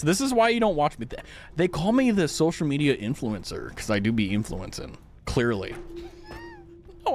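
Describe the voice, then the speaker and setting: A man's voice: on the high side, a little hiss or hum. A man streaming a game, chatting casually and joking at his own expense. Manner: joking, rambling, self-mocking. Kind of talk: casual chat.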